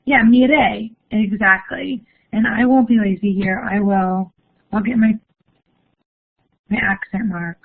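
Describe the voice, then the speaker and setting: A woman's voice: medium pitch, steady tone, slow, vocal fry, pauses often. A young woman teaching a live online lesson, upbeat and encouraging as she reads answers from the chat. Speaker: Spanish teacher. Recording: phone-like narrow audio.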